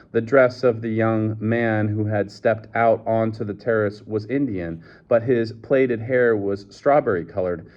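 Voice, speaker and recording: A man reading a novel aloud in a measured way, with occasional slips and restarts. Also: fairly low pitch, darkish tone. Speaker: reader. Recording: dull lo-fi recording.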